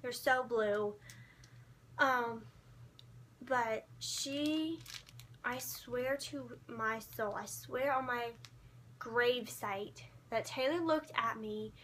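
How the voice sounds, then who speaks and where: A woman telling a concert story to her camera in an excited, gushing, starstruck way. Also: a little high, very slow, a little hiss or hum.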